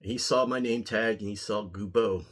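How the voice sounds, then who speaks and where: A man's voice: fairly low pitch, steady tone, moderate pace, fairly bright tone. A man from Ohio, an army veteran, telling a story in a casual, wry way and chuckling at himself. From Ohio, USA. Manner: wry, dry, chuckling at his own story. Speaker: pipe-smoking vlogger, army veteran.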